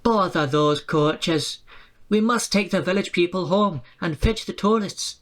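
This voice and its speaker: A man's voice: high voice, unhurried, a bit bright. A storybook narrator voicing a harried, exasperated male railway controller.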